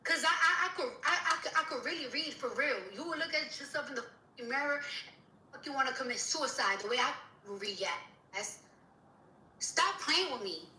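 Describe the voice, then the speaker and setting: A woman's voice: sits high, expressive, moderate pace, sharp tone, roomy sound, distant mic, a little hiss or hum, low-quality recording. A woman rapper in an angry, profane rant on social media, repeating herself as she scolds someone.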